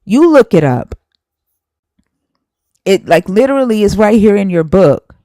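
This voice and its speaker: A woman's voice: mid-range voice, very animated, a little slow, warm tone, no echo, low-quality recording. Heated woman host scolding a viewer. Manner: emphatic, scolding, cites scripture. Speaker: live stream host. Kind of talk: heated live-stream argument.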